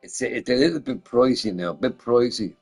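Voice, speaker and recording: A man's voice: medium pitch, fairly quick, slightly rough, soft background music, rough recording. A man chatting casually on a stream, swearing often, laughing and firing off rhetorical questions. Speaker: gaming streamer chatting with viewers. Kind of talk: casual rambling chat.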